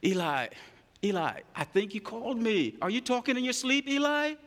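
A man's voice: very high-pitched, expressive, moderate pace, a bit bright. A man voicing a puzzled, eager young boy who keeps asking questions, in a hall with long reverb. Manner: questioning, raised voice.

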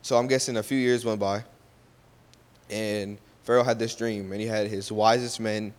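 Lower-voiced man retelling a Bible story. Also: little pitch movement, normal speed. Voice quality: loose and conversational, often checks with "right?" and corrects himself. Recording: long hall reverb.

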